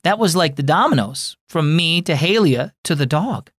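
A man voicing an upset young boy in a children's audio story who loses his temper and then feels sorry, in a high, strained boyish voice. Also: animated, moderate pace, fairly bright tone, no echo, clean studio sound. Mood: remorseful.

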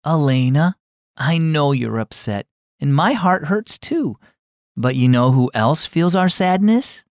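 A tender, earnest mother soothes her grieving child in a storybook tale, as a male narrator reads her part. Her speech rises and falls in a lively, caring way. The sound is dry and close. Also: on the high side, takes it slowly, no echo. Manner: soft, reassuring, earnest. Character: gentle caring mother comforting her daughter.

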